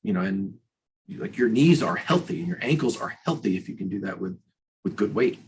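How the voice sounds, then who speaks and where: A man's voice: on the low side, lively intonation, fairly quick, a little mellow, a little hiss or hum, low-quality recording. A man, a strength coach guest on a podcast, talking bluntly and emphatically and swearing freely. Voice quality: husky. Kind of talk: podcast interview.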